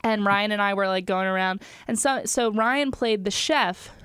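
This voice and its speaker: A woman's voice: medium pitch, normal speed, fairly bright tone, smooth, dry recording, studio quality. A young woman co-hosting a podcast, telling stories in casual chat with lots of fillers and laughter. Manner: chatty storytelling, laughs often, many fillers. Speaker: podcast co-host.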